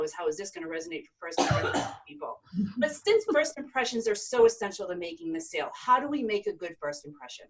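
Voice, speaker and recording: A woman from Maine hosts a live virtual sales event over a video call, introducing guests with upbeat enthusiasm in webinar style. Her voice is mid-range, and the audio quality is poor.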